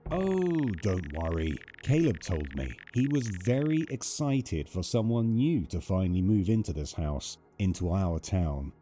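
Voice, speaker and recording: A man voicing a creepy, overfriendly male neighbor in a horror game, talking in a soft, unsettlingly sweet way. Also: deep voice, sing-song, unhurried, hardly any pauses, soft background music. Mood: creepy friendly.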